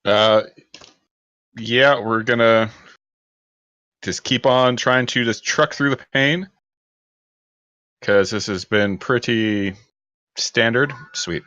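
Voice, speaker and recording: A man's voice: mid-range voice, slow pace, long pauses, pushed and bright, no echo, lo-fi sound. A man playing a tabletop game, easygoing and chuckling as he explains his moves. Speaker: player.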